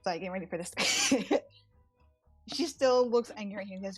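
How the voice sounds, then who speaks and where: A woman's voice: medium pitch, lively intonation, a little fast, slightly rough, no room sound, faint music behind. A woman playing a tabletop role-playing game, describing her character's actions in loose, filler-heavy chat. Her voice sits mid-range and sounds dry and close. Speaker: player. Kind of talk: casual tabletop role-play.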